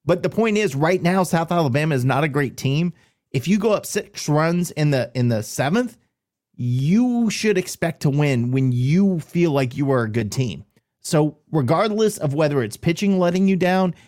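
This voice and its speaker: A man's voice: on the high side, darkish tone. A man co-hosting a sports podcast, giving blunt opinions about a team's form. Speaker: podcast co-host. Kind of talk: casual sports podcast chat.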